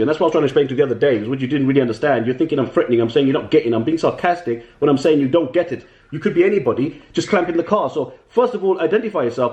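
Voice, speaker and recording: Fast, taunting man on the phone. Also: fairly high pitch, darkish tone. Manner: taunting, repetitive, insulting. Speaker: caller arguing with a bailiff. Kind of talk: heated phone argument. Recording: echoey, dull recorded phone call.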